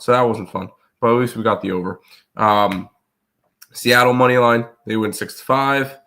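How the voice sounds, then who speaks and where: A man hosting a live sports betting show, congested and rough-throated, recapping results in a rambling way full of fillers. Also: medium pitch, sharp tone. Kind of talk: casual live-stream chat.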